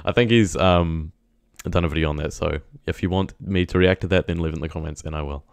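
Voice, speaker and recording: Young kiwi guy, deep gravelly voice, rambly reaction chat, dry close sound. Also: quick pace, no room sound. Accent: New Zealand. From New Zealand. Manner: rambling, filler-heavy, laughs often. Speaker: YouTube reactor. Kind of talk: casual reaction commentary.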